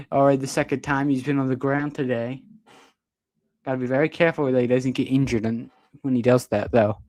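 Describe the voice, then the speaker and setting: A young man doing amateur play-by-play commentary on a livestream, excitable, with sudden jumps in pitch on big plays. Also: no echo.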